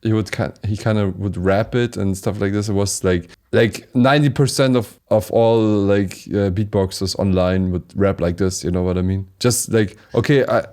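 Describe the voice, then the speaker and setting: A man with a German accent co-hosting a casual beatbox review chat, talking haltingly with many fillers and restarts. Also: lowish voice, steady tone, a little mellow. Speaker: beatboxer co-host reviewing battles.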